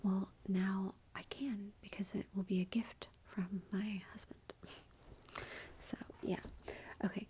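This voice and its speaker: A woman hosting an ASMR channel, chatting in a soft whisper about her gifts while feeling unwell, with a self-deprecating touch. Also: medium pitch, little pitch movement, takes it slowly, a little hiss or hum. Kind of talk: whispered ASMR haul commentary.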